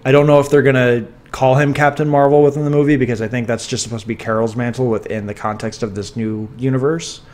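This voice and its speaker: A man's voice: mid-range voice, fairly even intonation, fast talker, hardly any pauses, darkish tone. A man co-hosting a casual podcast from home on a sensitive mic, talking eagerly with many restarts and fighting a dry cough. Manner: enthusiastic, rambling with restarts and fillers. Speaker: podcast co-host. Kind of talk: casual chat. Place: home room. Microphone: sensitive studio mic.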